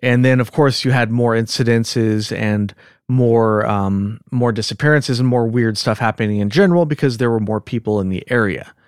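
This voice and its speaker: A man with a Californian accent hosting a podcast in casual chat, rambling and quick to laugh. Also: mid-range voice, clear, resonant tone, dry recording, clean studio sound. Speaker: podcast host.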